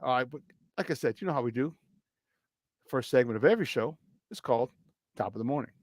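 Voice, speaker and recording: A man hosting a morning sports talk show, chatty, joking and easily excited about his team. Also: medium pitch, fast, no room sound.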